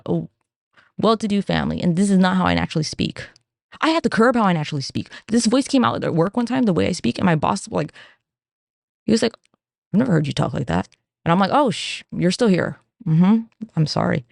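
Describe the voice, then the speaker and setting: A woman's voice: fairly low pitch, vocal fry, no echo, clean studio sound. A young woman hosting her own podcast, rambling and swearing freely in a casual solo rant. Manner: swears a lot, rambling, animated. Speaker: podcast host.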